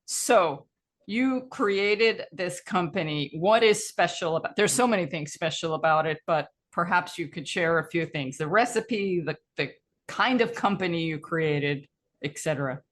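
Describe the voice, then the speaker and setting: A woman with a somewhat low voice hosts a radio interview. She talks conversationally, drifting into side stories before steering back to her guest. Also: unhurried. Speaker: radio show host.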